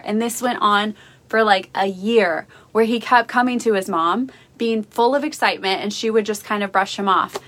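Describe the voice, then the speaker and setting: This young adult woman hosts a motivational podcast, telling stories in a cheerful, encouraging way during a Facebook Live stream. Her voice is medium in pitch and slightly bright, moving at a normal speed, with faint music behind it.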